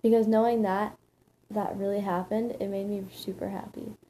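A woman's voice: mid-range voice, level tone, moderate pace, mellow, a little hiss or hum, low-quality recording. A woman narrating a first-person story in a plain, matter-of-fact reading.

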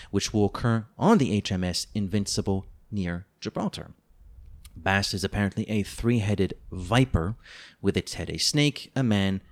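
A man co-hosting a book-review podcast, reading a plot summary with playful, teasing, mock-dramatic asides. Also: fairly low pitch. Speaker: podcast co-host.

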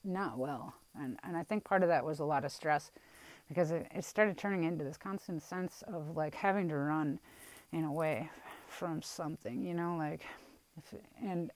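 A young woman from Wisconsin talks candidly about her past in a rambling, halting way, with frequent restarts and blunt swearing. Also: sits low, darkish tone, rough recording. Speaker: vlogger telling a personal story. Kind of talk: candid personal storytelling.

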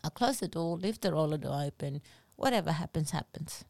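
A woman co-hosting a podcast, telling stories in an animated, earnest way with simple phrasing. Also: low-pitched, fairly quick, gravelly, no room sound. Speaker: podcast co-host. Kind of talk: casual chat, storytelling.

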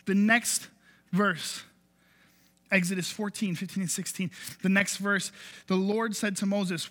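A man's voice: sits high, steady tone, unhurried, pauses often, a bit bright, long reverb tail. A man preaching a sermon, telling the story and repeating key phrases for emphasis. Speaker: pastor.

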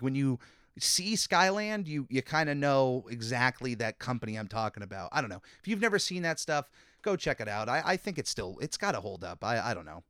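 Give me a man in a casual chat, mid-pitched, restarting his sentences often. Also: fairly bright tone, smooth, no echo, studio quality. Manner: chatty with frequent fillers and restarts. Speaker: host. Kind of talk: casual commentary.

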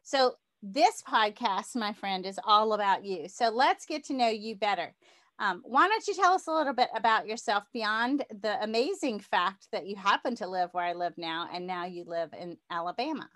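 A woman's voice: medium pitch, normal speed, fairly bright tone. A woman with a Southern accent, hosting a business podcast and chatting with a guest in a bubbly, enthusiastic way, laughing often. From Louisiana, US South. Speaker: podcast host. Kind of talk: casual interview chat.

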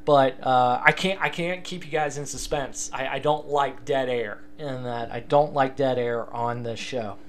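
A man's voice: medium pitch, measured pace, few pauses, a little hiss or hum. A young man hosting a casual solo sports podcast, rambling and self-deprecating, with many fillers and restarts. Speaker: podcast host.

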